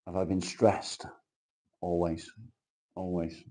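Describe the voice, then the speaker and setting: A man's voice: sits low, normal speed, dark tone, breathy edge. A man hosting a casual livestream, reading viewer comments aloud and bantering crudely. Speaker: livestream host.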